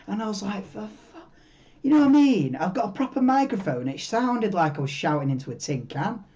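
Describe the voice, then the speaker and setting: A man hosting a live stream, chatting casually in a rambling, excitable way and swearing freely. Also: high-pitched, fairly quick. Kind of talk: casual live watchalong chat. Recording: dull lo-fi mic, tinny.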